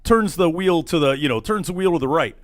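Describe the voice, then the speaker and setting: Animated man telling a wild story. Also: on the high side, brisk, no echo, clean studio sound. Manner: animated storyteller, acts out quotes. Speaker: radio show host. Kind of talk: casual storytelling chat. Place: studio.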